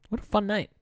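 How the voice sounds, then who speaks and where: A comedian co-hosting a podcast, dropping dry one-liners into casual banter. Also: male voice, high voice, breathy edge, no echo.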